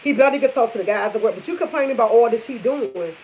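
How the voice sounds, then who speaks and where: A woman's voice: on the high side, expressive, rapid-fire, a little mellow, a little hiss or hum. A young adult woman chatting casually to her viewers, blunt and emphatic, repeating her points for force. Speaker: vlogger. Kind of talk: casual chat to camera. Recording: dull lo-fi audio.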